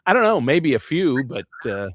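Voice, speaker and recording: A man's voice: on the high side, sing-song, normal speed, no room sound, clean studio sound. A man co-hosting a podcast over a video call, easygoing and a little hesitant. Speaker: podcast co-host. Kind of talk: casual podcast chat.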